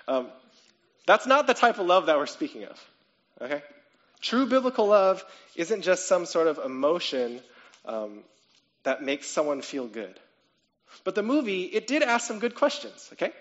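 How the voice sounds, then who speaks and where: A male pastor delivers a sermon in an easy, conversational way, peppering it with "okay?" and "right?". His voice sits a little high and climbs when he asks questions. The recording is muffled and lo-fi. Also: normal speed. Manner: conversational, frequent "okay?" and "right?" check-ins; animated, rising to excited questions.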